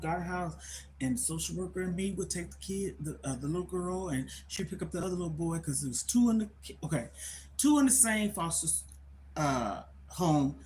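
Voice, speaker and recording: A woman's voice: fairly low pitch, darkish tone, slight background noise. An older woman, talking emphatically on a livestream, often repeating herself and circling back to her point. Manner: emphatic, repetitive, conversational. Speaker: livestream host. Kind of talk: casual livestream storytelling.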